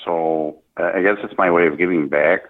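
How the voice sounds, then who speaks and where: Low-voiced man on a tinny phone line. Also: steady tone. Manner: earnest, halting, with frequent restarts. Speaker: guest, speaker at military events. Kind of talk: conversational interview.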